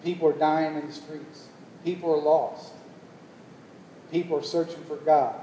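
A man preaching a sermon as pastor, telling a story and building to loud, emphatic calls to the congregation. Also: fairly high pitch, fairly even intonation, unhurried, far from the mic, a little hiss or hum. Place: church hall. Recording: echoey hall, long reverb.

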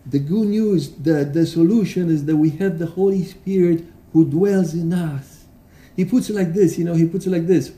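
Male pastor, sermon, high voice, restarts and fillers, roomy church echo. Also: warm tone. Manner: earnest, halting, with many restarts and fillers; reads quotations aloud with emphasis.

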